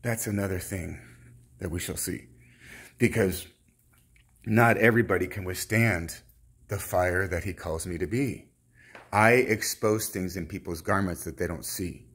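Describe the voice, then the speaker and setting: Husky low-voiced man preaching fervently. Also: fairly bright tone. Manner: fervent, halting, with many restarts. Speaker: self-styled prophet. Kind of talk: rambling religious monologue.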